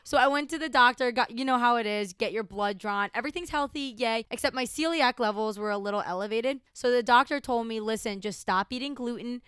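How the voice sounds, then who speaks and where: A woman's voice: fairly high pitch, brisk, few pauses, a bit bright, clean tone, no room sound. Giggly young woman, dry close mic. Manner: giggly, rambling, self-deprecating. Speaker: podcast co-host. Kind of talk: casual chat.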